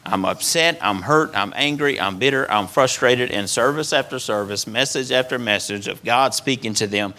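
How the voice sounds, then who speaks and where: A middle-aged male pastor delivers an earnest sermon in a mid-range, sharp-toned voice at a moderate pace with few pauses. He often acts out the voices of stubborn, angry people and repeats his words as he goes.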